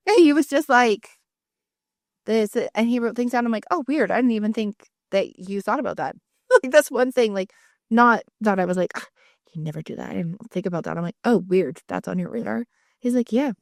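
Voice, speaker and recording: A woman's voice: fairly high pitch, normal speed, vocal fry, no echo, studio quality. A woman in her thirties co-hosting a podcast, chatting casually, swearing freely and acting out the lines of people she quotes. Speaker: podcast co-host. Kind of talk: casual chat.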